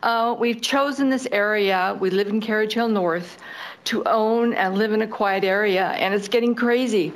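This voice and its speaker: Woman, resident speaker, upset, halting, lots of ums, mid pitch. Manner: upset, halting with many fillers. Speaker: resident giving public comment. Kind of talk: public hearing testimony.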